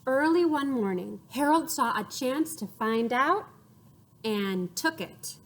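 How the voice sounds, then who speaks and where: Slow, expressive woman reading to children. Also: high voice. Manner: expressive, acts out sound effects and invites children to repeat. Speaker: storyteller for children. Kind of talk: interactive picture-book read-aloud.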